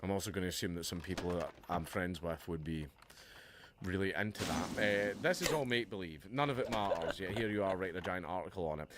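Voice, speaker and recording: A livestream host delivering a heated, profane, sarcastic reaction rant. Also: male voice, sits low, fast talker. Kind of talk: ranting reaction commentary. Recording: noticeable background noise.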